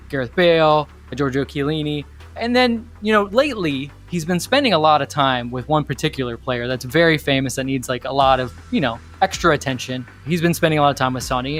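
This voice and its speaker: A man co-hosting a podcast, telling a story in a lively, casual way with lots of "like" and restarts. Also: a little high. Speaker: podcast co-host.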